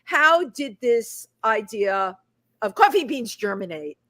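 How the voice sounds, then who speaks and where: This is an effusive woman hosting a chatty live talk show. Her voice sits a little higher than most women's. She leans into her points with plenty of emphasis. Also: big pitch swings, takes it slowly, fairly bright tone.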